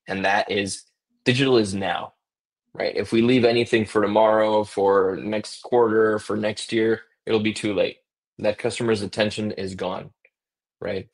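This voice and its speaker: Low-voiced man explaining software. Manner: repeats words while explaining, asks "right?". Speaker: guest from a survey software company. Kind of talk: business podcast discussion.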